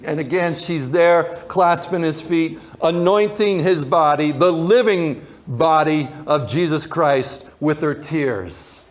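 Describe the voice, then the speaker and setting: A man who is a pastor, preaching a sermon in a loose, conversational way with tangents and repeated words. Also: on the high side.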